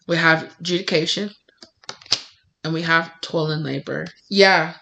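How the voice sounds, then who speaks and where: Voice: mid-range voice, steady tone, a little slow, vocal fry, background noise. A tarot reader giving a casual pick-a-card reading, rambling and effusive, with many "like"s and restarts.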